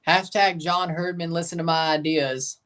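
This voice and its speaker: A woman's voice: low voice, normal speed. Opinionated woman reacting to a live match. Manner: casual, opinionated, bursts into excited shouts. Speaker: watchalong host.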